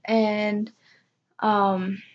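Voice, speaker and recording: A woman's voice: mid-range voice, level tone, drawn-out words, highs cut off. A young woman casually telling a personal story, self-mocking and acting out what others said. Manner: chatty, self-mocking, acts out quoted voices.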